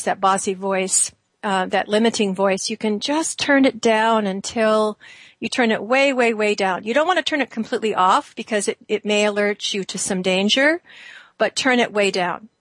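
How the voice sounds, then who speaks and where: A woman with a mid-range voice leads a gentle guided exercise, drawing out her phrases in a soothing way. The sound is dry and close, with no room echo. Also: mid-range voice. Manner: slow, soothing guidance with drawn-out phrases. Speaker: host. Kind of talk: guided exercise on a talk show.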